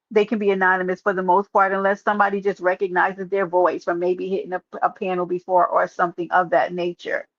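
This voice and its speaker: A woman live streamer, sharing her opinion in casual, animated talk and calling out viewers in chat by name. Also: lowish voice, no echo, highs cut off.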